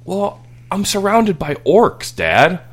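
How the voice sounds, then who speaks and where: A man's voice: sits high, very animated, takes it slowly, pitched above the performer's own voice, heavily acted. A man imitating his eager, sly seven-year-old son while retelling a story. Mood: eager kid.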